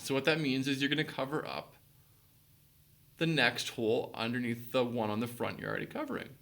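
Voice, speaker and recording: A man teaching children the basics of the recorder, giving clear step-by-step instructions and frequent encouraging praise. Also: mid-range voice, fairly bright tone. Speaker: music teacher.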